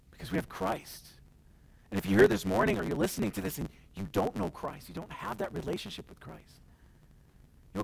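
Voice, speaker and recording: A male pastor preaching to his church, his voice sitting high for a man and leaping up and down with lively swings of pitch. A strong gravelly fry runs through his words as he moves from loud declarations to near-whispered asides, stopping now and then to act out the voices he quotes. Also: poor audio. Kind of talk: sermon.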